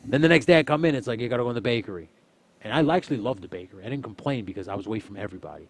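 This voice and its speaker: A young man casually telling a story on a stream, swearing often and loudly acting out what people said. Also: mid-range voice, very fast, a little hiss or hum. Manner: animated, swearing, acts out quotes loudly. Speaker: streamer, host.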